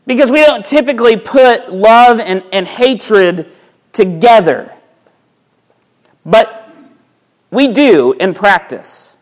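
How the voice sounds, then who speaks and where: A man with a high voice preaches to his congregation in an easy, conversational way. He keeps asking rhetorical questions. He often repeats a word when he starts a phrase over. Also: animated, slow pace, pauses often. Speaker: pastor. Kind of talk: sermon. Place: church sanctuary.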